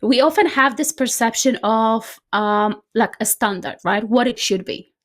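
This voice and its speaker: A woman with a fairly high voice tells a personal story as a guest in a conversation. She talks in a lively, chatty way and keeps tagging her sentences with "right?". The delivery is informal and unscripted. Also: unhurried. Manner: animated, frequently adds "right?". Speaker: decluttering coach guest.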